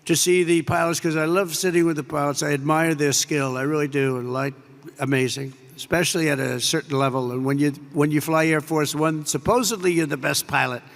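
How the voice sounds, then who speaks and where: Older American man, rambling superlative-heavy speech, rough fry, long hall reverb. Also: on the high side, fairly even intonation, brisk. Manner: rambling anecdotes full of superlatives and asides. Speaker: president addressing troops. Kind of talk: off-the-cuff speech to troops. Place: large air base hall.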